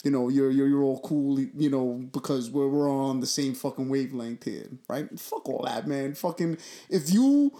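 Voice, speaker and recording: A man's voice: mid-range voice, level tone, normal speed, few pauses, warm tone. A man from New York, a comedian guest on a podcast, talking bluntly and casually with lots of swearing and restarts.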